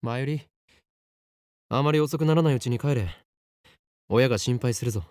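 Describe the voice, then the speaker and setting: An actor playing a brusque, eccentric young male scientist in an anime game, curt and rapid. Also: mid-range voice, darkish tone, no room sound, clean studio sound, lightly acted.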